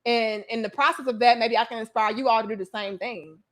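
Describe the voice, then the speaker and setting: High voiced lady hosting a live chat, emphatic, slangy, swears a lot. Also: steady tone, a little fast, fairly bright tone. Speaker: livestream host. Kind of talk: casual livestream chat.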